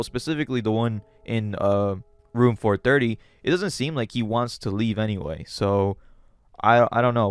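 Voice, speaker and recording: Chill guy reading a comic and reacting, relaxed, lots of "like", soft music under it. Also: medium pitch. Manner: relaxed, chatty, lots of fillers like "like". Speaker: host reading a web comic. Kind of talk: casual story reading with commentary.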